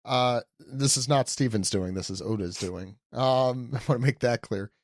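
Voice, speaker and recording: A man's voice: medium pitch, normal speed, dry recording. A man on a podcast recapping a comic chapter, adding dry jokes and playful asides. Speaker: podcast guest.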